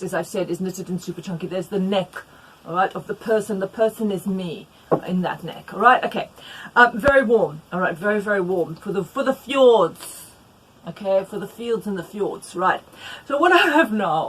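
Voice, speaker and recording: A woman teaching knitting in a playful, rambling way, with jokey asides and sudden loud bursts. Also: mid-range voice, a little hiss or hum, poor audio. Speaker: knitting tutor. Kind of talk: chatty knitting tutorial.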